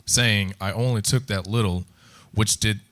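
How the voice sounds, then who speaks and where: A man with a fairly low voice reads scripture passages aloud. His reading is steady and measured, without flourish. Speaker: scripture reader.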